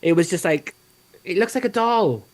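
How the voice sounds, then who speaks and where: A man's voice: sits high, animated, normal speed. A man co-hosting a casual live chat, rambling with lots of fillers. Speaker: co-host guest.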